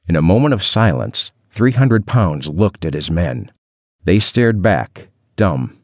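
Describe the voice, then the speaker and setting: A man narrating a first-person adventure audiobook in a wry, expressive storytelling manner. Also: low-pitched, slow pace, no room sound, studio quality.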